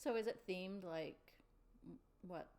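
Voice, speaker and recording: A woman's voice: on the low side, slow pace, darkish tone. A woman guest co-host and health coach, chatting casually in an upbeat way and laughing often. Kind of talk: casual chat.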